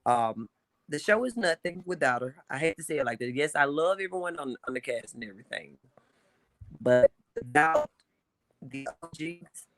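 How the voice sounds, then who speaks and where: A man from Mississippi with a Southern accent, calling in to a live show, earnest and repeating himself with halting starts. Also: a little high, very animated. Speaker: caller. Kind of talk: casual phone-in chat.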